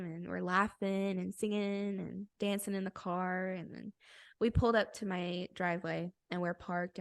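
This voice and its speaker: A woman's voice: medium pitch, no room sound, studio quality. A young woman co-hosting a podcast, telling a story in casual chat, bubbly and laughing often. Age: young adult. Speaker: podcast co-host.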